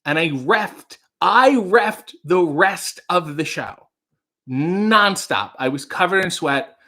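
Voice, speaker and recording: Rambling man with a lively voice. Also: sits high, takes it slowly. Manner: rambling storyteller reading out chat comments. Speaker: livestream host. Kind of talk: casual livestream chat.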